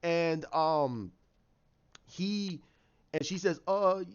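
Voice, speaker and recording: A man's voice: on the high side, normal speed. Ranting man reviewing a show, lo-fi. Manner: animated, mimics characters, swears. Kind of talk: casual review rant.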